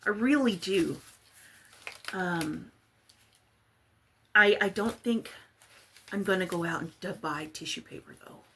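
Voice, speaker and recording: Here the Texas crafting vlogger speaks in a fairly low, slightly bright voice, taking her time and leaving long pauses, with a little hiss or hum behind her. She's chatty and rambling as she crafts, teasing herself along the way.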